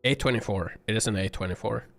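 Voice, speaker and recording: A man's voice: fairly low pitch, fast talker, vocal fry, fairly bright tone, faint music behind. A man streaming, giving an exasperated, profanity-laden rant full of filler words and bursts of laughter. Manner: laughs often mid-sentence. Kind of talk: casual livestream commentary.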